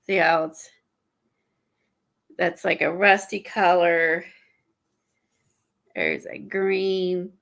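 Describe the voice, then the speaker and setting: A woman chatting casually on an art livestream, a little out of breath and stuffy, rambling with halting fillers and restarts. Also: fairly low pitch, level tone, vocal fry, a bit bright. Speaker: guest showing art supplies.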